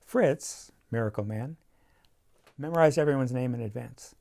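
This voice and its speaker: A man's voice: mid-range voice, normal speed, creaky, mellow. A man who is a guest in a casual conversation, recounting vivid theatre memories with emphasis. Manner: vivid storytelling, emphatic recollection. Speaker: guest recalling theatre production.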